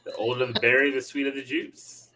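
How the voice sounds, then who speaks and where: Bright-voiced teasing man. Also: medium pitch, level tone, fairly quick, a little hiss or hum, poor audio. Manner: teasing, joking interjections. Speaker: podcast co-host. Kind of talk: casual chat.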